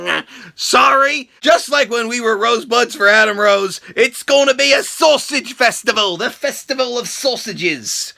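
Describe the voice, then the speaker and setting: A man in his thirties answering viewer questions in a casual vlog, profane and animated with wrestling-style bravado. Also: very high voice, unhurried, vocal fry. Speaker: YouTube vlogger.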